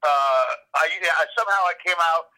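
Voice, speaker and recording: Calling in from his car over a phone headset, a podcast guest chats casually on a tinny line. His voice is a little high and sharp, his pace moderate, and he jokes at his own expense while halting with many ums.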